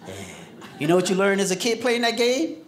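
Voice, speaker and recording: A man's voice: high-pitched, brisk. A man from New York City performing a stand-up comedy set, telling childhood stories with lots of put-on voices. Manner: animated storytelling with put-on voices. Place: theater stage with laughing audience. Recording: roomy live venue with audience noise. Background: audience laughter.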